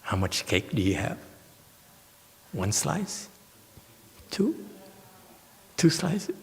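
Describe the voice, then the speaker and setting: A Buddhist master gives a Dharma lecture on a sutra in a temple lecture hall, his voice a little high, sing-song, and gravelly, with a very slow delivery. He teases and quizzes his audience with emphatic questions, and the hall is reverberant.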